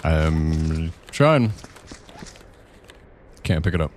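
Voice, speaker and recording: A man's voice: a bass voice, animated, very slow. A young man co-hosting a gaming channel, joking and swearing casually about glitches while he plays. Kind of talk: casual gameplay chat. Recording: noisy home recording.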